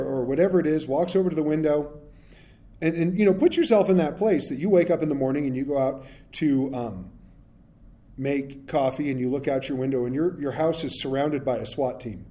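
A pastor with a slightly high, dark-toned voice preaches as though he's talking with you, often asking "right?" He also dramatizes the Bible characters in the story.

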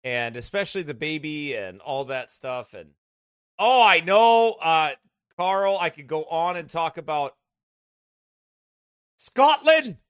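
A man from the United States with a somewhat high voice talks in a casual, animated way before a Bible study, laughing through his stories. His voice is bright and it swings up and down. The sound is dry and close. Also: unhurried, clear, resonant tone, dry recording. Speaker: pastor hosting a Bible study.

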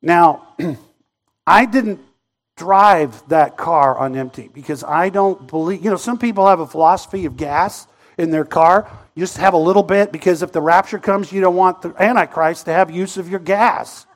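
High-voiced animated preacher man. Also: normal speed. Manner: animated, swings from shouting to hushed. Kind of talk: storytelling sermon.

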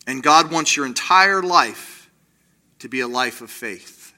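An animated preacher brings quoted voices to life, his pitch rising as he plays them out. Key lines get slower, quieter emphasis.

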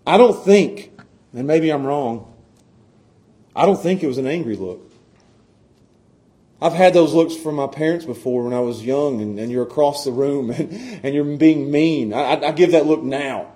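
A middle-aged male pastor preaching a sermon, moving from hushed, tender passages to loud, impassioned ones and often stammering on his restarts. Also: a little high, moderate pace.

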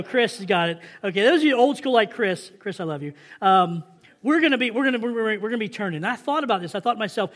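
This Southern-accented man gives a sermon, first reading scripture with slow emphasis, then chatting informally with the congregation. He sounds animated, with a high-sitting and somewhat bright voice.

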